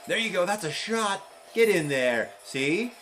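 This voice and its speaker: This streamer is a young father with a high-pitched voice, lively intonation and a measured pace. Over game music and car sounds, he casually commentates a driving game while encouraging and coaching his son.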